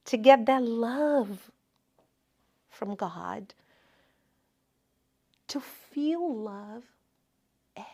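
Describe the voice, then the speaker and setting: A woman in her fifties giving an informal spiritual talk at a spiritist center, with personal stories and gentle humor. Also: fairly high pitch. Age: 50s. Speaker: spiritist lecturer. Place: lecture room at a spiritist center.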